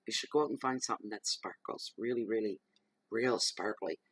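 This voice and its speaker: A man gives a tarot reading to camera at home in the evening. He talks in a chatty, rambling way and slips into soft, murmured invocations. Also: lowish voice, fairly quick, breathy edge, no room sound, rough recording. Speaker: tarot reader. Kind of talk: casual chat to camera during a tarot reading. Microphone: camera microphone.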